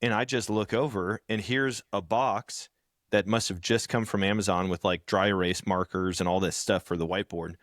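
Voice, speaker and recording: A man with a low voice chats casually as a podcast co-host, spinning stories and acting out the people in them. His voice is recorded close and dry, with no room sound. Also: moderate pace, dry recording. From rural background. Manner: storytelling, animated when acting out others. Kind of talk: casual chat.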